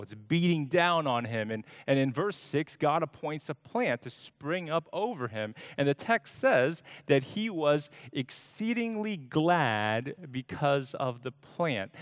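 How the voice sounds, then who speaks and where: A man's voice: medium pitch, dry recording, studio quality. A man preaching a sermon to his church, explaining a scripture passage and acting out quoted lines with dramatic emphasis. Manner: slow, deliberate preaching with dramatic voiced quotes. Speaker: pastor.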